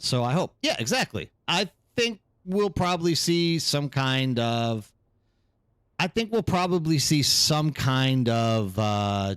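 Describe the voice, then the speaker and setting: A man's voice: mid-range voice, fairly bright tone. A man hosting a live game stream, chatting casually and rambling while greeting viewers by name. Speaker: streamer host.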